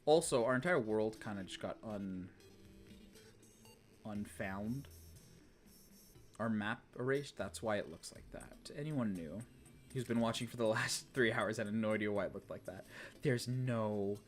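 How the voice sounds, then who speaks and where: A young man commentating a video game stream, exasperated and talking to himself, swinging from low muttering to loud outbursts. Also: unhurried, pauses often, soft background music. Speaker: gaming streamer. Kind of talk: let's play commentary.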